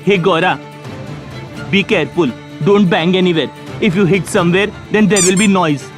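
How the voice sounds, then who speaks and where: A pushy, always-hungry cartoon boy who orders his friends around, as a man dubs him. His voice sits high, with music playing behind. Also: normal speed, lightly acted. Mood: bossy. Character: bossy hungry young boy Bhima. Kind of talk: cartoon dubbing.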